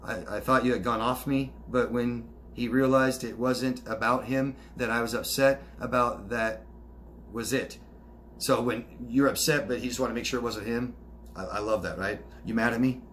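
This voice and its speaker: A man's voice: mid-range voice, steady tone, normal speed, fairly bright tone, slight background noise. A man coaching viewers, reading out their comments and answering them in a chatty, reassuring way. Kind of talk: casual solo Q&A, reading out comments.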